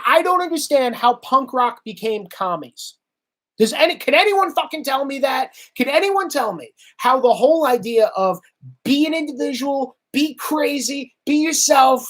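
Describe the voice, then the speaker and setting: Foul-mouthed man ranting on a livestream. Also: very high voice. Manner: heated, swearing, sarcastic, animated. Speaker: livestream host reading viewer comments. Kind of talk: profane political rant.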